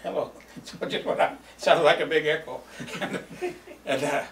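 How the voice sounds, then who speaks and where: An older man reminisces about his youth for an oral history, rambling and chuckling with plenty of fillers. His voice is on the high side, fairly bright and steady, at a moderate pace. The mic is distant, giving a roomy sound with faint ambience.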